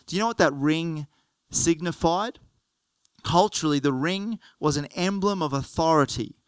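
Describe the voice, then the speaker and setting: A man's voice: fairly high pitch, a bit bright, smooth, dry recording. A man preaching a sermon, telling a story earnestly and acting out the characters.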